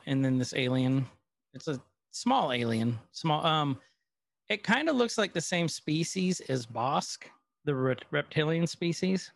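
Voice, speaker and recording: A man's voice: a little high, lively intonation, unhurried, gravelly, no echo. A man co-hosting a podcast, recapping an episode in casual chat with rambling, filler-heavy storytelling. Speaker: podcast co-host.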